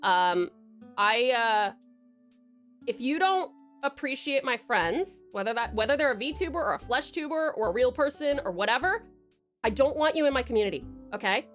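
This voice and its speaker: A woman streamer chats casually with her viewers in a high, very lively voice that leaps around. She giggles often and fills her pauses with ums. Faint music plays underneath. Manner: giggly, chatty, warm toward chat, many fillers. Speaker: livestreamer. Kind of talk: casual livestream chat.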